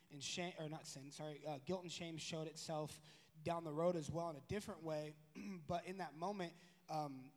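A man telling a personal story in a casual, rambling way, correcting himself and growing animated. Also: on the high side. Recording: long room reverb.

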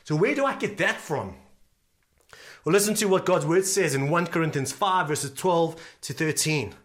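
A man's voice: on the high side, animated, moderate pace. A male pastor preaching a sermon earnestly, repeating key phrases for emphasis.

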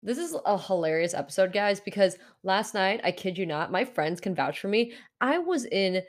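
A woman's voice: medium pitch, expressive, moderate pace. A young woman hosting a casual solo podcast, rambling and apologetic, full of restarts and fillers. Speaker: podcast host.

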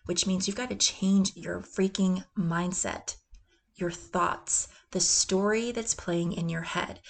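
A woman hosting a motivational podcast, talking with energy and laughing often, sometimes dropping into gruff chanted quotes. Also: mid-range voice. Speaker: podcast host.

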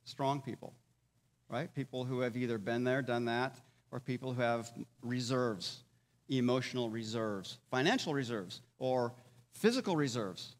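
A man's voice: medium pitch, measured pace. A man giving a conversational sermon as a pastor, often checking in with his listeners. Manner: conversational, checks in with "all right?" and "okay?". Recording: long hall reverb.

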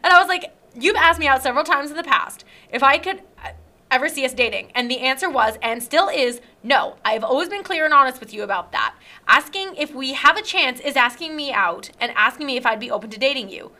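A woman's voice: high voice, expressive, brisk, bright, forceful tone. A young woman hosting a casual chat, telling an indignant story and acting out text messages.

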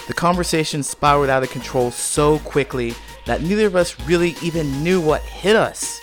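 Man telling a story with lively, animated delivery. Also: a little high, moderate pace, faint music behind. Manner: animated, acts out heated arguments. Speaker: speaker giving a talk. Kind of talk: public talk with personal storytelling.

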